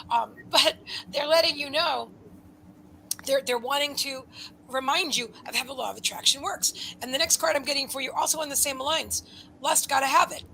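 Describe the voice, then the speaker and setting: A woman giving a live psychic card reading, rambling and breaking off mid-sentence, with quiet murmured asides. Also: high voice, gravelly, slight background noise, poor audio. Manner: rambling, self-interrupting, drops into soft asides. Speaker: psychic reader.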